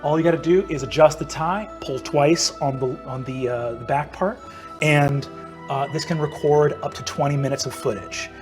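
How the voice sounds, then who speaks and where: Man doing a relaxed middle-aged agent father, fatherly and folksy, with faint music behind. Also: on the high side, normal speed, lightly acted. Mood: instructive. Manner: laid-back, folksy and fatherly. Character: easygoing middle-aged male spy father.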